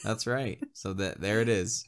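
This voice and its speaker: A man's voice: lowish voice, steady tone, unhurried. A man co-hosting a casual, spoilery movie review. He rambles, often restarts his sentences and laughs a lot.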